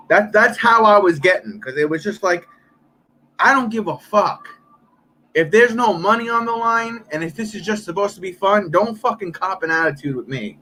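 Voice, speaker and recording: A man in his thirties, chatting casually on a live stream, telling a story with lots of swearing and quick impressions of other people. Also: high-pitched, slight background noise, rough recording. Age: 30s. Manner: profane, animated storytelling, mimics others.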